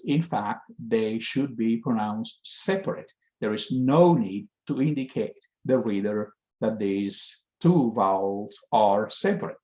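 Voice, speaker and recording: A man teaching a language lesson, explaining step by step with slow, careful pauses. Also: lowish voice, dark tone. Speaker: Spanish teacher. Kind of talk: lecture. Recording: echoey room, dull lo-fi sound.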